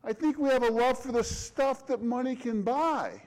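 A man's voice: very high voice, moderate pace, darkish tone, low-quality recording. A middle-aged man, a pastor, delivering a conversational sermon with frequent restarts and rhetorical questions.

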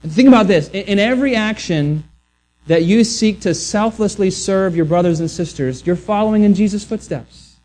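A man's voice: sits high, moderate pace, darkish tone. A man preaching a sermon earnestly, often restarting words and acting out the voices he quotes. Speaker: pastor.

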